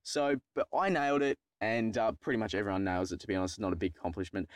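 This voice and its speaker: In a dry recording, a young Australian man with a low voice and fairly even intonation talks quickly about his driving test. It's a casual storytelling vlog, rambling, crude and self-mocking, from a YouTuber sharing something personal.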